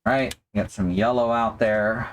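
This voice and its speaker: A man's voice: on the low side, steady tone, measured pace. A man hosting a live stream, chatting casually and joking as he thinks aloud while painting miniatures.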